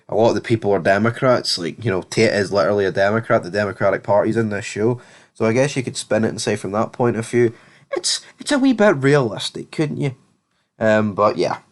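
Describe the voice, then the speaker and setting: Blunt man recapping a TV episode. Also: fairly low pitch. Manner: opinionated, blunt, sarcastic asides. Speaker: TV series reviewer.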